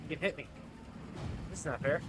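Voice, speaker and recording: A man gaming on the couch with a friend, loudly trash-talking and laughing as he plays. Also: fairly high pitch, brisk, over music. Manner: loud, playful trash talk, laughs often. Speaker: co-host playing a video game. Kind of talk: casual gaming chat.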